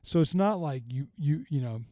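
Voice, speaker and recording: A middle-aged male pastor talks through a point of faith in an earnest, reflective way, often circling back to restart his thought. His voice is warm and mellow. The sound is close and dry, with no room around it. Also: on the high side, animated, moderate pace, no room sound. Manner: earnest, reflective, with frequent restarts and retold quotes. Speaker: pastor, podcast host. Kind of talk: conversational teaching on faith.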